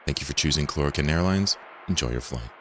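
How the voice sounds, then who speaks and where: A man's voice: very deep voice, lively intonation, quick pace, fairly bright tone, a little hiss or hum, voice pushed down. A man putting on the voice of a male airline pilot making formal cabin announcements in a game.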